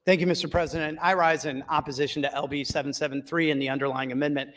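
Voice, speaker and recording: A man's voice: fairly high pitch, fairly even intonation, fast talker, fairly bright tone. A man losing his voice, giving a firm, lawyerly floor speech in a legislative chamber and repeating his key points. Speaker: state senator in floor debate.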